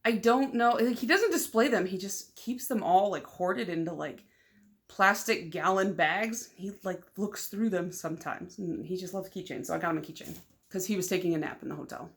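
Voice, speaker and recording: A young woman from Michigan chatting casually in a nail polish vlog. She rambles with lots of "like" fillers, is excitable and loud, and laughs often. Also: medium pitch, moderate pace.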